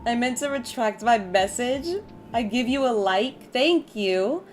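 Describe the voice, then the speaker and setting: A woman's voice: fairly high pitch, animated, unhurried, faint music behind. A woman streaming a game from home in casual chat, laughing often and talking to her dog and her viewers.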